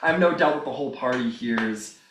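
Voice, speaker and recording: Loose-talking game master, echoey room. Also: male voice, medium pitch, brisk, distant mic, background noise. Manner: loose, filler-heavy narration. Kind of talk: narrating a tabletop game.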